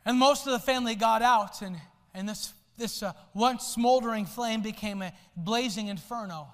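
A male pastor preaching a sermon, swinging from soft low asides to loud shouted lines. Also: normal speed. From United States. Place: church sanctuary. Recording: long hall reverb in a church.

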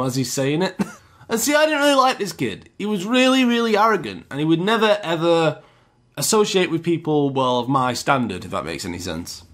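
A young man rambles through a school story with plenty of likes and you-knows. His voice sits a little on the higher side, chatty and loose. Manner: rambling, chatty, many fillers. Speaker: YouTuber. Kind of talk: casual storytelling.

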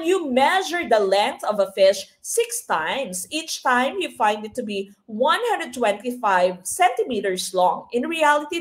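A woman with a Filipino accent coaching a live online exam review, switching between English and Filipino and often asking "no?". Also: sits high. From Philippines. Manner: mixes English and Filipino, frequent tag "no?".

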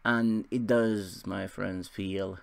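Young guy with a low gravelly voice narrating his football manager save, chatty and self-mocking, rambles a lot. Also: fairly even intonation, takes it slowly. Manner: rambling, self-deprecating, chuckling asides. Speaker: gaming video host. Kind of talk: casual Football Manager let's play commentary.

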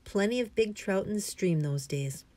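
In a medium-pitched, dark yet natural voice, a woman reads an audiobook at a moderate pace, expressively voicing a small, elderly country doctor who is mischievous and talkative. Her delivery is chatty, with a playful storytelling feel.

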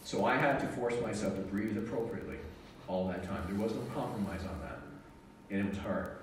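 A man's voice: lowish voice, fairly quick, distant mic, slight background noise. Man, storytelling talk, joking, echoey room, mic set back. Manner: animated, jokey, quotes himself and others. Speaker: speaker sharing a personal story.

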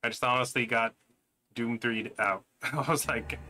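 A man's voice: medium pitch, measured pace. A man casually commenting on a game he just finished, rambling and self-mocking, with a sarcastic streak. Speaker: gameplay commentator. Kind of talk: casual let's-play commentary. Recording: loud guitar music behind.

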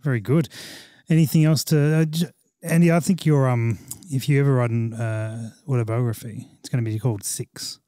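Male podcast host, relaxed warm tone, dry close sound, light teasing banter. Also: medium pitch, moderate pace, few pauses, no echo. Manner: jokey, teasing. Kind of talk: casual podcast chat.

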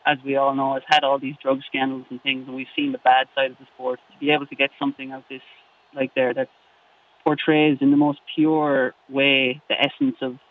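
A man's voice: mid-range voice, little pitch movement, fairly quick. An Irish man chatting as a guest on a phone interview, cheerful and self-deprecating. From Ireland. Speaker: guest commentator. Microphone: phone line. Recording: tinny dry phone line.

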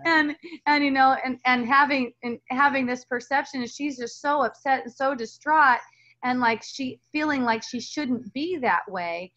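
A woman's voice: high-pitched, moderate pace, sharp tone, muffled recording. A woman talking as a spiritual teacher in a casual dialogue, earnest and rambling, with many restarts and fillers.

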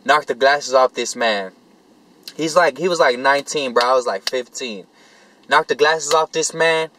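Young male vlogger, mid-pitch, slangy and sweary, rambles through an animated true-story rant. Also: moderate pace, a little hiss or hum, low-quality recording. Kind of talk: casual storytelling to camera.

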